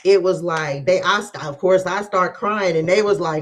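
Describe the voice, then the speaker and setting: A woman's voice: fairly low pitch, normal speed. A woman tarot reader hosting a live stream, chatting casually and with animation, laughing often and talking straight to viewers.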